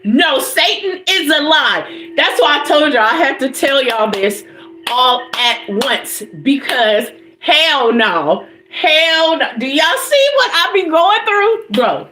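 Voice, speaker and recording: A woman livestreaming as a tarot reader, telling a profane story to her viewers in a casual, animated way and bursting into loud laughter. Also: sits high, slow, reverberant. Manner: animated, profane, breaks into loud laughter, keeps addressing listeners. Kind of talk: casual storytelling to a live audience.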